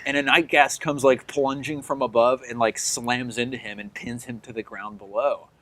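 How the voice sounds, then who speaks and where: A man's voice: mid-range voice, fairly even intonation, moderate pace, a bit bright. A man running a tabletop game as game master, describing the scene in a loose way full of fillers like "like" and "uh".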